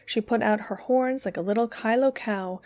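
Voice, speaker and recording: Storybook mice: woman voicing cheeky tailor mice, shrill twittering rhymes. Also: normal speed, darkish tone, natural voice. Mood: merry. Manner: shrill, twittering, sing-song chanting.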